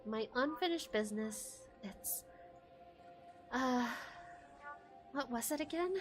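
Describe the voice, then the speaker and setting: A woman voicing a grieving ghost mother, speaking softly and mournfully, pleading with a faint quaver. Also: on the high side, lively intonation, slow pace, faint music behind. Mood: wistful.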